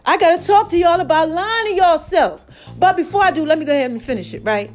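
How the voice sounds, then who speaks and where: A woman with a high voice tells a story to her viewers in a loose, chatty way. She talks with energy and emphasis and turns to her audience again and again. Soft music plays faintly behind her. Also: lively intonation, quick pace. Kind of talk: casual storytelling to camera.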